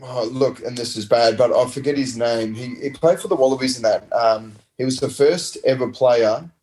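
A man's voice: medium pitch, normal speed, poor audio. Laid-back Australian man telling stories. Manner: rambling, relaxed, slangy anecdotes. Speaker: interview guest, former rugby player. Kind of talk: casual storytelling.

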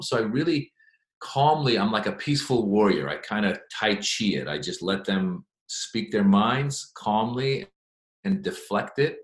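A man, a stand-up comedian, answering interview questions in an animated, chatty storytelling way. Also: fairly low pitch, measured pace. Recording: echoey room.

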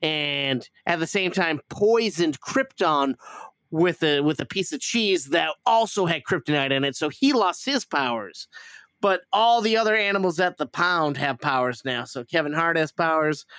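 Rambling man with a bright, clean voice. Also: a little high, clean tone, no echo, clean studio sound. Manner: rambling, profane, acts out lines with silly voices. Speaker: podcast host reviewing a movie. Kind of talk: casual chat.

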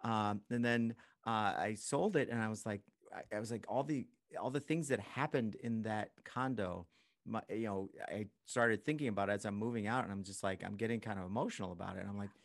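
A man co-hosting a casual real estate talk, lively and laughing easily, acting out what people say. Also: on the low side, brisk. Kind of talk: casual conversational chat.

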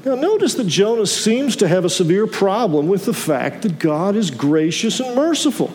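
A man pastor delivering a sermon in a measured preaching manner, with halting restarts. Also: high voice, sing-song, darkish tone, long reverb tail.

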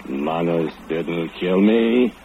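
A drunken broken-English foundry laborer. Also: male voice, low voice, slow pace, creaky, exaggerated voice. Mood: taunting. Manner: broken English, brooding, chuckling. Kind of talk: 1940s radio acting. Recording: tinny old radio broadcast, hiss.

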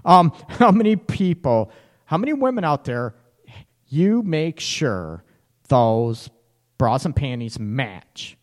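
A man's voice: medium pitch, big pitch swings, takes it slowly. A man hosting a live show in casual chat, teasing, laughing often and reacting to chat comments. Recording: echoey room with long reverb.

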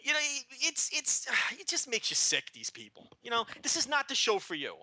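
Brief: male podcast co-host, high bright edgy voice, combative ranter, dry close sound. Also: huge pitch swings, a little fast, hardly any pauses, no echo. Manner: loud, combative ranting. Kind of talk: casual chat.

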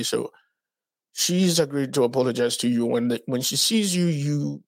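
A man's voice: mid-range voice, moderate pace, gravelly. A man from the Dominican Republic co-hosting a podcast, telling a story casually, acting out quotes and swearing freely. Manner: animated storyteller acting out quotes in raised voices. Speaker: podcast co-host.

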